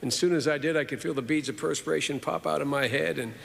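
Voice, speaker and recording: A man in his sixties giving a formal eulogy in a measured, earnest way with repeated phrases, in a large hall at a funeral. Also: fairly high pitch, gravelly, a bit bright. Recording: reverberant hall.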